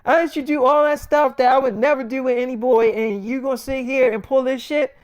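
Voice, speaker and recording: A man's voice: extremely high pitch, steady tone, clean tone, voice pushed up. A man voicing a furious jealous girlfriend. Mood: angry, upset. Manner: profane, confrontational, rapid complaints. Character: angry jealous young girlfriend, demanding.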